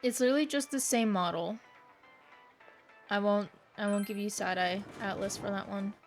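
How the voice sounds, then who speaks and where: Excitable swearing woman streamer. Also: medium pitch, normal speed, faint music behind. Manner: excitable, swears freely, reads game text aloud. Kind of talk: casual live game commentary.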